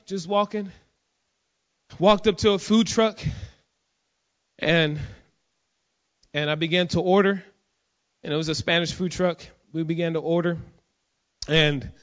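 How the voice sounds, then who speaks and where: A man from Jacksonville preaching a sermon as a pastor, fervent and at times shouting, then dropping low to tell a story. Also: lo-fi sound. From Jacksonville, USA.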